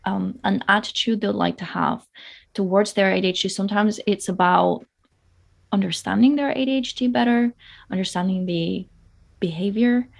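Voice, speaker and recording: Female coach guest, mid-pitched with strong vocal fry, measured and thoughtful. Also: steady tone. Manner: thoughtful, explains with hesitations. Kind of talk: casual conversation.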